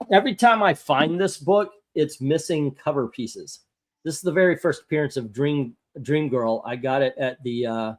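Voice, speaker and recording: A male host talks casually and rambles, often restarting his sentences and dropping curse words as he goes. He speaks at an everyday pitch. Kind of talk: casual chat.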